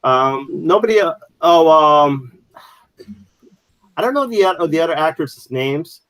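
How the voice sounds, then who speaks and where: A man's voice: on the high side, animated, measured pace, fairly bright tone, no echo, poor audio. A man co-hosting a casual podcast, rambling with many fillers and restarts. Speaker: podcast co-host. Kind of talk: casual chat.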